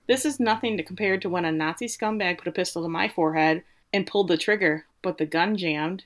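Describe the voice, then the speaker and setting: A woman co-hosting a casual podcast, retelling a TV episode with lively quotes of the characters. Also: on the low side. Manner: animated retelling, quoting characters with playful voices. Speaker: podcast co-host recapping a TV episode. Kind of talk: casual chat.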